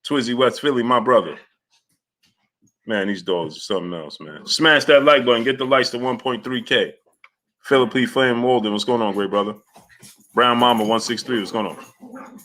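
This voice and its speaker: A man's voice: medium pitch, normal speed, pauses often, fairly bright tone. A man hosting a boxing talk live stream, chatting casually and greeting viewers by name. He rambles loosely, with many fillers and restarts. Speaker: boxing talk show host.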